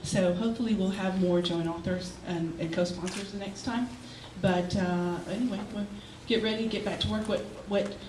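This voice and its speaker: A woman with a Texan accent, giving an emotional, halting acceptance speech as a legislator. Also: mid-range voice. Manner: emotional and halting, with fillers and restarts. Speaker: state legislator accepting an award. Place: banquet hall. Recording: echoey hall from far off with noise.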